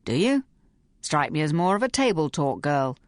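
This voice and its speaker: A woman putting on a gruff, barking spinster. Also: deep voice, very animated, moderate pace, no room sound. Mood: confidential. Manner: brusque, clipped, barking. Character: gruff, blunt middle-aged woman writer.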